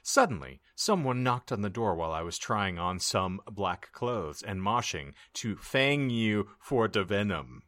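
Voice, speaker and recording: A man with a low voice narrates a story for a comedy podcast, and his pitch leaps and dips in an exaggerated, mock-dramatic way. His tone is bright and forward, recorded dry and close. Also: expressive, a little slow, few pauses, dry recording. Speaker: podcast host.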